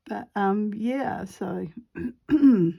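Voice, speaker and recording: A woman's voice: medium pitch, creaky, slightly rough, dull audio. A middle-aged woman with a New Zealand accent chatting casually while she paints, rambling into giggly asides and muttering half to herself. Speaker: watercolor painting vlogger.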